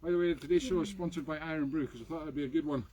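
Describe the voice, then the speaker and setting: A man's voice: racing, warm tone. A Scottish man hosting a live music stream, joking playfully and mocking himself. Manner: playful, self-mocking, with sudden high squeals at the dog. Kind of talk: jokey live-stream banter. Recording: noisy background.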